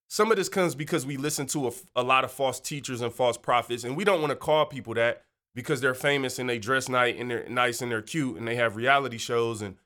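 A man's voice: medium pitch, sharp tone. A man hosting a faith podcast in a chatty, slangy way, going off on tangents and playfully slipping into joking voices. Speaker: podcast host. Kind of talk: casual faith podcast monologue.

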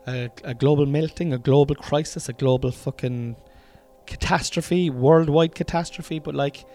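An Irish man hosts a casual solo podcast from a room at home, rambling along chattily, cutting himself off mid-sentence and swearing freely. His voice is a little high and mellow, steady in tone at a normal speed, with faint music behind it.

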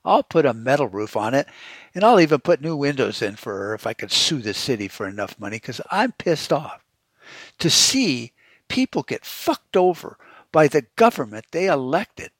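A man's voice: mid-range voice, sing-song, moderate pace, no room sound. A man hosting a podcast, ranting heatedly and sarcastically with constant swearing. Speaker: podcast host. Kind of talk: profane rant.

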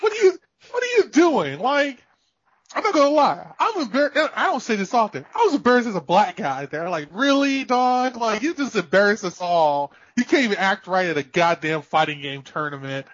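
A man's voice: high-pitched, animated, normal speed, a bit bright. A man in casual chat, ranting with laughs and profanity as a podcast co-host. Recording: dull lo-fi, dry.

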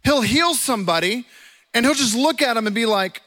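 A man pastor, delivering a conversational, animated sermon in a church. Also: very high voice, moderate pace. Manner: animated, conversational preaching with rising bursts. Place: church auditorium.

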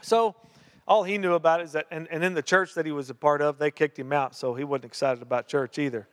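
Pastor, male, earnest storytelling sermon, slightly high voice, long reverb of a church hall. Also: steady tone, fast. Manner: storytelling, earnest, repeats key phrases.

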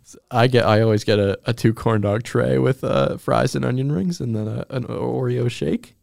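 A young man with a gravelly, creaky voice co-hosts a comedy podcast. He rambles casually and slips in absurd jokes with a deadpan delivery. The sound is close and dry. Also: mid-range voice, moderate pace, no echo. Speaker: podcast co-host.

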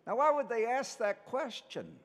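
A man's voice: extremely high pitch, huge pitch swings, moderate pace, long reverb tail. A man, a priest, giving a conversational sermon full of rhetorical questions.

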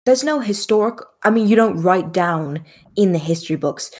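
A woman with a mid-pitched, slightly husky voice talks in character at a tabletop game. She rambles in a chatty way and narrates what her character does. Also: animated, normal speed, a little mellow. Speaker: player. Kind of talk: in-character tabletop role-play.

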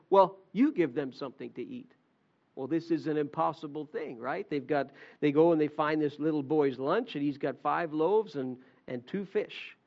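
A man's voice: fairly high pitch, highs cut off. A male pastor preaching a sermon, retelling a gospel story and acting out the disciples' voices.

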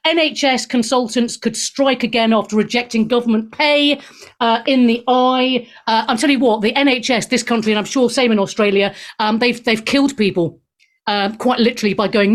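A woman hosts a talk radio show from a studio mic. Her voice sits fairly high, and she is brash and irreverent, laughing and swearing as she reacts to the news. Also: normal speed. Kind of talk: opinionated news chat.

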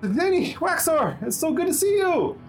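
Man doing an excitable young male scientist, high pitched, gushing, eager. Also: normal speed, faint music behind, heavily acted. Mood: excited.

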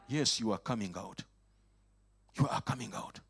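Husky preacher man with lively swings. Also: on the low side, moderate pace, long pauses. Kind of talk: lively sermon. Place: church or worship hall.

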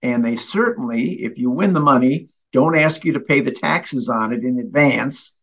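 Older man telling lively stories. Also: medium pitch, moderate pace, slightly rough, highs cut off. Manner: animated, chuckling storyteller. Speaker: guest, consumer protection official. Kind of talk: conversational interview storytelling.

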